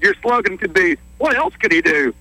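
A man's voice: sits high, very animated, moderate pace, sharp tone, no echo, heavily acted, low-quality recording. A man playing a folksy, jokey recurring caller to a local radio show, drawling and laughing often.

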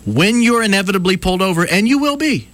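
A man's voice: high voice, expressive, fast, fairly bright tone, no room sound. A man in his late thirties hosting a talk radio show, explaining things in an earnest, lecturing way. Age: 30s.

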